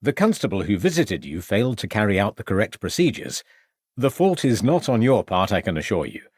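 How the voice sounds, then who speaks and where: A man's voice: fairly low pitch, big pitch swings, fairly quick, darkish tone, slightly rough, dry recording, clean studio sound. A man voicing a polite, formal and persuasive male police inspector.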